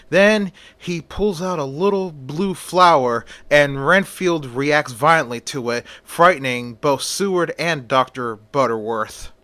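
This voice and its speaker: A man narrating a story in a loose, chatty way. His voice is bright and forceful, and the sound is dry and close. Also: on the high side, dry recording. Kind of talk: casual story retelling.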